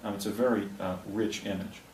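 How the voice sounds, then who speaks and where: A man's voice: on the low side, steady tone, fairly quick, darkish tone. A middle-aged man from New Jersey giving an anecdotal presentation, rambling with restarts and asides. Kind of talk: anecdotal public talk. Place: presentation room with a projector. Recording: echoey room, distant mic, faint noise.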